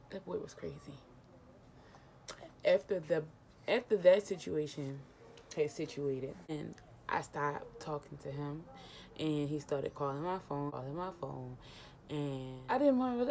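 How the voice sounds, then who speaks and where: A young woman vlogger casually retelling a personal story, animated and emotional, acting out the dialogue. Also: deep voice, unhurried, vocal fry, slight background noise.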